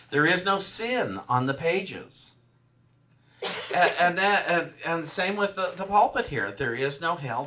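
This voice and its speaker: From the pulpit of a church sanctuary, a minister preaches a conversational sermon, animatedly telling stories and laughing often. His voice is fairly high and sounds far from the mic.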